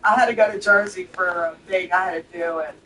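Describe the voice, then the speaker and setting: A woman's voice: lowish voice, a little fast, pushed and bright, slight background noise. Chatty Southern woman, distant mic. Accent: Southern US twang. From southern United States. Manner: chatty and blunt, laughs often. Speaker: gaming streamer. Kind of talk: casual chat while playing.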